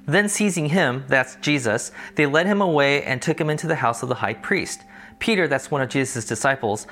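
A man's voice: on the high side, fairly bright tone. A man teaching a Bible study lesson, reading the passage and then explaining it in a conversational way. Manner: conversational, explains context in plain terms.

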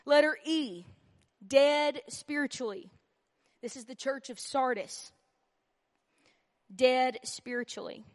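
A woman's voice: high voice, takes it slowly, pauses often, long reverb tail. A woman teaching a church Bible lesson, earnest and emphatic, who repeats key phrases and drops in humorous asides. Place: church meeting room.

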